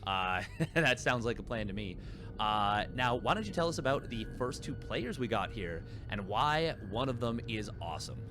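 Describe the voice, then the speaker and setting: A man's voice: medium pitch, lively intonation, moderate pace, over music. A man casting a live esports match, rambling and correcting himself with lots of fillers. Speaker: esports caster. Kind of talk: live game commentary.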